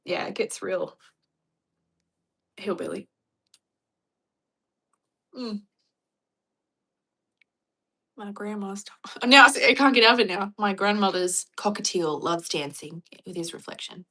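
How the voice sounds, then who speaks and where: Woman streamer, bright voice, playful chat with viewers. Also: medium pitch, unhurried, long pauses. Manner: chatty, playful, laughs often. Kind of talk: casual chat.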